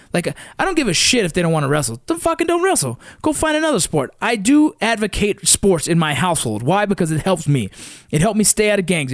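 A man's voice: high-pitched, no room sound, studio quality. A middle-aged man, a father, telling a heated, profane story about his kids' sports in a blunt casual way. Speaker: father of wrestling kids.

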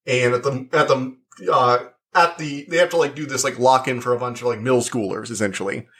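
A young man chatting his way through a show review with easy informality. He rambles and fills the gaps with likes and uhs. His voice sits at an ordinary middle pitch. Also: fairly even intonation, a little fast, fairly bright tone. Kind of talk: casual review chat.

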